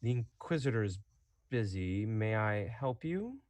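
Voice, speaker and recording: A man's voice: fairly low pitch, very animated, a little slow, darkish tone. A man voicing a curt male imperial guard soldier in a tabletop game, speaking stiffly and formally. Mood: stiff formality.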